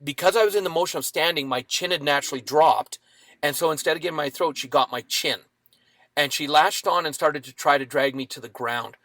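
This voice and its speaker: A man in his fifties telling a dramatic personal story as a podcast guest, with lively acted-out quotes. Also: fairly high pitch, a little fast, no echo.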